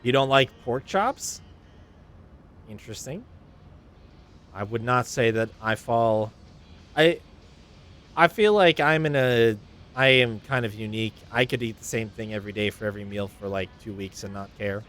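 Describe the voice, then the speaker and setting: A man streaming a game, making wry, deadpan asides between reading the dialogue. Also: mid-range voice, normal speed, long pauses. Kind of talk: casual gameplay commentary.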